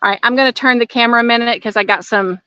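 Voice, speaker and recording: A woman's voice: fairly high pitch, racing, sharp tone, smooth, no echo, muffled recording. A woman chatting casually with viewers during an outdoor livestream, a little out of breath and friendly. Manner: friendly, addresses viewers as y'all. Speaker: channel host. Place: outdoors by a waterfall.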